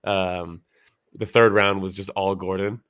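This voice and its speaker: A man's voice: low-pitched, flat delivery, unhurried, a bit bright, clear, resonant tone, no echo, clean studio sound. A man co-hosting a podcast, chatting casually about a fight in a rambling way, full of fillers. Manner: rambling, full of "like" fillers, laughs while retelling. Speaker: podcast co-host. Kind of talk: casual fight analysis chat.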